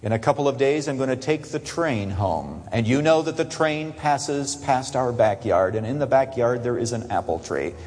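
Male preacher, husky and highly animated, soaring emphases and hushed asides, in a long-reverb church hall. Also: normal speed, few pauses. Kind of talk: sermon. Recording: long echo of a large hall.

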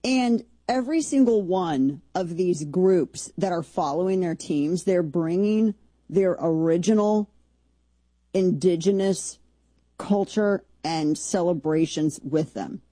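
Husky woman, chatty sarcastic host. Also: on the low side, slow, warm tone, no room sound. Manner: chatty, rambling, sarcastic asides. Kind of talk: casual political commentary.

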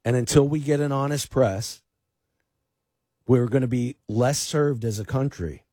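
Husky-voiced man hosting political talk radio. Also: medium pitch, a little slow, mellow, no room sound. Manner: emphatic, repeats words when restarting. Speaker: fill-in radio talk host. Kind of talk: opinionated political commentary.

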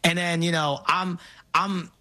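A man in his forties from New York, with a slightly high, bright, forceful voice. He tells stories in an animated way during casual conversation, often restarting sentences. He talks like a co-host chatting with friends. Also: unhurried, no echo. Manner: animated storyteller, frequent restarts. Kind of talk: casual chat.

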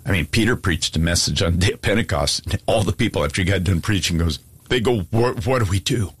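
A man's voice: deep voice, fast, a bit bright, breathy edge, dry recording. A man preaching an earnest, pleading sermon and asking listeners to give their lives to Jesus. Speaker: pastor. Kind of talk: sermon altar call.

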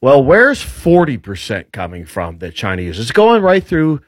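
A man's voice: medium pitch, huge pitch swings, moderate pace, no room sound. A man appearing as a guest commentator, explaining military and economic points in casual talk and building them with rhetorical questions.

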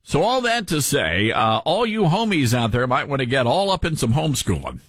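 A man's voice: mid-range voice, huge pitch swings, normal speed, fairly bright tone, dry recording. A man hosting a talk radio show, speaking emphatically with jokey asides in a studio. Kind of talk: talk radio commentary and read ad. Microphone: studio microphone.

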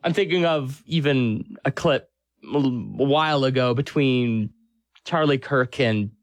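A man's voice: mid-range voice, unhurried, no room sound. A man interviewing a guest, asking long questions and searching for his words as he goes.

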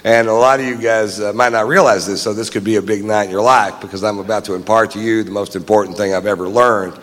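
A middle-aged man doing a stand-up routine, drawing out dry punchlines and acting out shouted quotes. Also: on the low side, steady tone, fast. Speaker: stand-up comedian. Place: large theater stage. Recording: live hall recording with crowd noise. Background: audience laughter.

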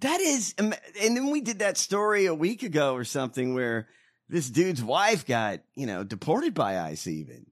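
Animated, profane man mocking the news. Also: on the high side, normal speed. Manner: profane, mocking, laughs often. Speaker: podcast co-host. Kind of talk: casual news chat.

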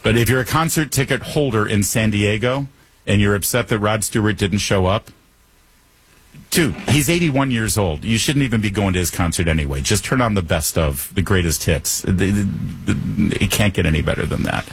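A man's voice: fairly low pitch, normal speed, husky. A male talk radio host delivering a joking monologue in a wry, teasing manner, slipping in puns.

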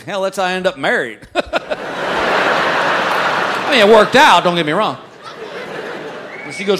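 A middle-aged man telling an exasperated comic story on stage in an animated, drawling way. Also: fairly high pitch, fairly quick, long pauses, a little hiss or hum. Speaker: stand-up comedian. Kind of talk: stand-up storytelling.

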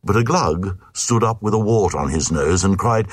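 A man's voice: deep voice, lively intonation, moderate pace, breathy edge, no room sound, studio quality. A man reading a comic narrative poem aloud in a rhythmic, sing-song recitation.

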